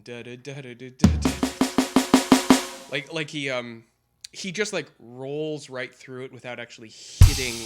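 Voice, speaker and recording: Rambling man talking drums casually. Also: mid-range voice. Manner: rambling, hesitant with fillers, scats drum and guitar patterns aloud. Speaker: drummer explaining a song. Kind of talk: casual practice-session chat.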